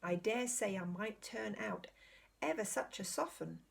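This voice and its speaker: A woman's voice: medium pitch, big pitch swings, a little slow, gravelly, breathy edge, exaggerated voice. A woman reading aloud, voicing a modest, honest male cabbie with a Cockney accent who speaks deferentially. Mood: humble. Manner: shy, deferential, plain-spoken. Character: humble middle-aged male London cabbie, modest and honest.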